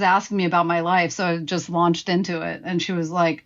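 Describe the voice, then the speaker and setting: A woman's voice: fairly low pitch, level tone, fairly quick, lo-fi sound. A woman in her forties, a guest telling her own story frankly and with swearing, acting out her past remarks. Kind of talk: candid personal storytelling.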